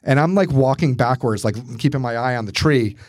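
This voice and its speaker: A man co-hosting a podcast, telling a story in casual, profane, animated fashion. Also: mid-range voice, fairly quick, no echo, clean studio sound. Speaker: podcast co-host.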